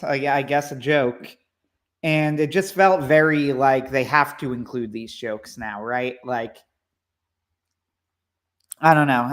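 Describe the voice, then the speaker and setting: A man co-hosting a casual livestream chat, rambling and hesitant with lots of fillers, in a wry, low-key way. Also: fairly bright tone. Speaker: co-host, movie commentator.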